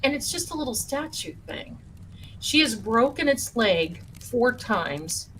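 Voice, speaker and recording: Slow-talking folksy woman streaming live. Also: on the high side, big pitch swings, a bit bright, a little hiss or hum, low-quality recording. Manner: folksy, chatty, addresses viewers as darlings. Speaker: livestream host and spiritual teacher. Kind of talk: casual live-stream talk to viewers.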